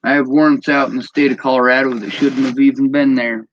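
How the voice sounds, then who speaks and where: A man's voice: medium pitch, fairly even intonation, quick pace, dry recording. Guy ranting bitterly into a lo-fi mic, dry dull sound, swears a lot. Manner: bitter, agitated, swears often. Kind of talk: angry personal vlog rant.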